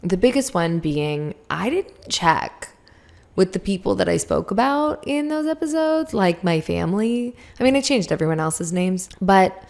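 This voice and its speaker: A woman's voice: medium pitch, expressive, a little slow, vocal fry, darkish tone. A young adult woman hosting her own podcast, talking candidly and rambling through her thoughts with frequent laughs, her mouth dry around a lozenge. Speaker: podcast host. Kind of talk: confessional solo podcast.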